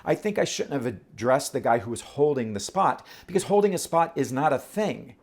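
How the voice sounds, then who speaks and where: A man talking casually to camera, animated and rhetorical, often throwing questions at his audience. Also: medium pitch, moderate pace. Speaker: vlogger.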